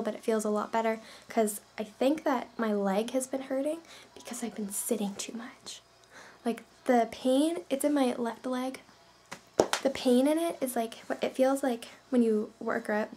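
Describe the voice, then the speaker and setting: A woman's voice: fairly high pitch, warm tone, slight background noise. A woman from Canada, chatting casually in a vlog, rambling with lots of fillers. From Canada, New Brunswick. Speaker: vlogger.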